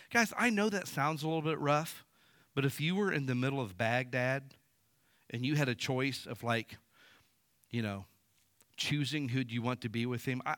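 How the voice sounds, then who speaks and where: Man, 50s, pastor, casual lively sermon, bright forceful tone, dry close sound. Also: medium pitch, no room sound. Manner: casual, animated storytelling with acted-out quotes. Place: church sanctuary.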